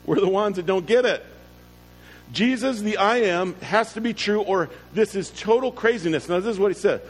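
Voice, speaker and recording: A man preaching a sermon in a bright, high voice, leaning hard on key words with slow emphasis. His voice rings with a long reverb, and faint music sits behind him. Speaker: pastor. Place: church.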